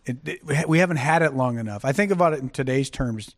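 A man in a study group asking a long question, halting and thinking aloud. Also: mid-range voice, dry recording, clean studio sound. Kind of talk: casual discussion question.

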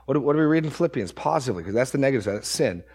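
Husky man preaching an emphatic sermon. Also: medium pitch, lively intonation, very fast, a little mellow. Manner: emphatic, repeats phrases for stress, asks the congregation questions. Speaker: pastor. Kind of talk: expository sermon.

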